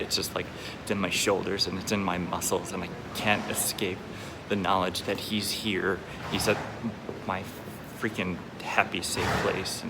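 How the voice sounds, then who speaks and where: Guy with a lowish voice ranting in his video diary, lots of swearing, loud car noise behind. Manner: rambling, bitter, swears heavily.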